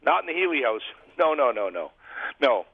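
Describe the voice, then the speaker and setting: This ex-goalie's mid-range voice is husky and sing-song, at a moderate pace, with no room sound, though the line is tinny and phone-like. As a guest in a casual interview, he chats through humorous, self-deprecating anecdotes.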